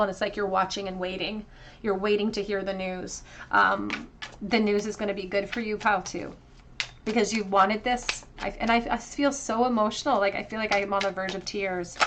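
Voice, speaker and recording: A woman giving a tarot card reading to her viewers, earnest and emotional, often pausing with fillers and restarts. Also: medium pitch, fairly bright tone, a little hiss or hum. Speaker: tarot reader.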